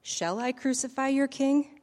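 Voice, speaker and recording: A woman's voice: sits high, measured pace, darkish tone, long reverb tail, pitched above the performer's own voice. A woman reading the part of an uneasy male Roman governor, pressing him with raised questions. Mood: questioning.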